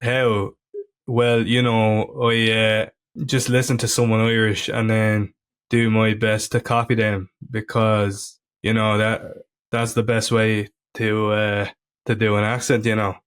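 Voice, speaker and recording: A man's voice: fairly low pitch, monotone, unhurried, smooth. A man, a comedian guest on a podcast, chatting easily and laughing often. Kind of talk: casual podcast chat.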